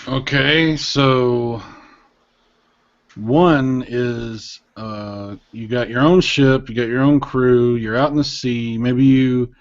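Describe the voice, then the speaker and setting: A man's voice: mid-range voice, steady tone, slow. A man chatting as a podcast guest, rambling and thinking aloud with lots of fillers. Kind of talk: casual chat. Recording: slightly muffled podcast audio.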